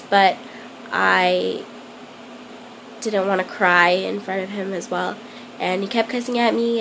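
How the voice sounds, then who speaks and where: A young woman telling a personal story to camera in a hesitant, halting way, full of ums. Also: mid-range voice, vocal fry, background noise. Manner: plain confessional telling. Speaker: vlogger.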